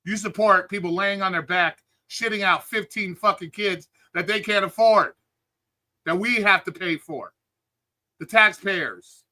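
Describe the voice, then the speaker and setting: Angry streamer host, high tense voice, heated profane rant, calls out his chat. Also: a little slow, sharp tone. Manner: angry, heated, swearing constantly; greets live chat viewers between rants. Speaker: livestream host.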